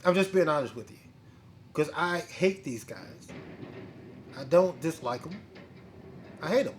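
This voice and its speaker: A man's voice: on the high side, measured pace, a little hiss or hum. A man, a bounty hunter hosting a show, bluntly telling a work story in casual chat and acting out the people in it. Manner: blunt, profane, animated retelling with quoted dialogue. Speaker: bounty hunter and podcast host.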